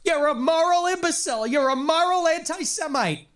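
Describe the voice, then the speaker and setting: A man putting on a mocking impression of a shrill, preachy male speaker. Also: normal speed, a bit bright.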